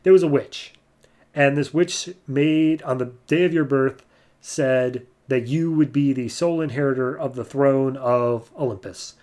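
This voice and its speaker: A man's voice: medium pitch, a little slow, darkish tone, natural voice. A man voicing a polite, nervous scientist in a comic recap, explaining matter-of-factly.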